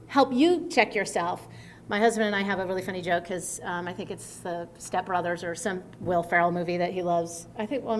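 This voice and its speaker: A middle-aged woman speaking as a guest speaker at a conference, in a conversational, animated way. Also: mid-range voice, slight background noise. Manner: conversational, animated, acts out quotes. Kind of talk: conference talk. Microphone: microphone at a conference.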